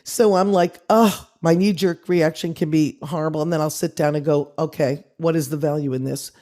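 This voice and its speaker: A woman's voice: sits low, fairly even intonation, normal speed, warm tone. A woman guest on a video call, speaking earnestly and animatedly in an interview. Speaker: guest musician. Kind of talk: reflective interview talk.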